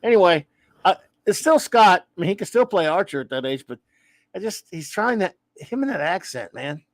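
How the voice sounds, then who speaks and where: Rambling New man, slightly high voice. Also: animated, moderate pace, dry recording. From New Orleans, USA. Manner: rambling, self-interrupting, playful. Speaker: podcast host reading chat. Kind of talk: casual chat.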